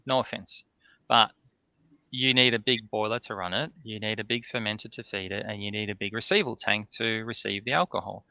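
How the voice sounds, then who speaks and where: A man with a gravelly, fried edge tells a long story as a podcast guest, his delivery pushed and forceful. He plays out both sides of remembered conversations. He keeps tagging his sentences with "right?". The sound is close and dry. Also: medium pitch, no room sound. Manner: animated anecdote-telling, tags sentences with "right?". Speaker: distillery owner, podcast guest. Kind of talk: casual storytelling in a podcast interview.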